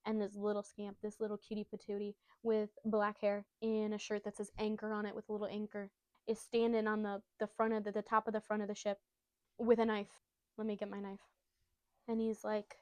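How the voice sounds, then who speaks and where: A woman's voice: mid-range voice, level tone, normal speed, dry recording. A woman casually retelling a comic chapter, bubbly and rambling, full of jokey asides. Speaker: storyteller recapping a manga.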